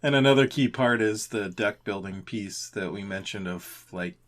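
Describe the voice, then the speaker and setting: A man's voice: lowish voice, moderate pace, a bit bright. Methodical man explaining on a podcast. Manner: methodical, explains step by step and laughs often. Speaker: podcast co-host. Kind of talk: casual podcast chat.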